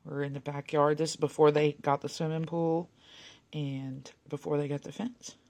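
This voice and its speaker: A woman's voice: deep voice, level tone, normal speed. Chatty woman reminiscing. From Texas. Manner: chatty and rambling, with soft muttered asides. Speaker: vlogger. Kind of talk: casual reminiscing over a photo album.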